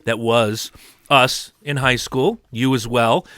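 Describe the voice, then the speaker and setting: A man's voice: mid-range voice, fairly even intonation, slow pace, a bit bright. A man in his fifties from Connecticut, hosting a podcast in a joking, profane, casual chat. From Connecticut, USA. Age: 50s. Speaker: podcast host.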